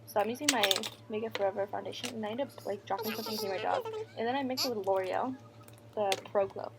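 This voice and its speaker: A woman's voice: mid-range voice, quick pace, gravelly, very noisy. A young woman chatting casually as she talks through her makeup routine, her speech full of "like" and loose asides. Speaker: beauty vlogger. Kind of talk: casual makeup voice-over chat.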